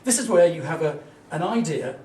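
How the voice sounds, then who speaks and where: In a motivational business talk, a middle-aged man tells anecdotes earnestly and emphatically, his fairly high, warm voice animated and fairly quick. The recording catches him at a distance in an echoey room, with faint ambience and a little hiss or hum.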